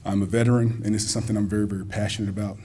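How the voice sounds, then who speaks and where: A man's voice: lowish voice, flat delivery, very fast, mellow, slight background noise. Folksy man giving a banquet speech. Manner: folksy, joking, talks directly to the audience. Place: school hall at a banquet.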